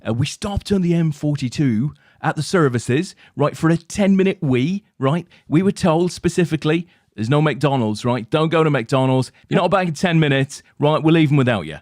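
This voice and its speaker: A man co-hosting a chat show and telling a lively anecdote, often tagging his lines with "right?". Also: on the high side, normal speed, hardly any pauses, no room sound, clean studio sound. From England. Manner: animated anecdote-teller, tags lines with "right?". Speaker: co-host. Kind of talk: casual storytelling chat.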